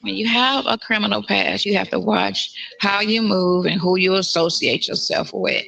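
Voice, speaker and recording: A woman's voice: mid-range voice, normal speed, vocal fry, sharp tone. A woman on a phone call, outspoken and supportive, swearing freely. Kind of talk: casual phone conversation.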